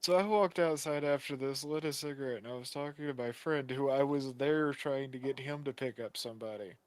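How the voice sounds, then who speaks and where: Low-voiced podcast guest telling stories. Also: fairly quick. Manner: rambling storytelling, laughing easily. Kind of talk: casual chat.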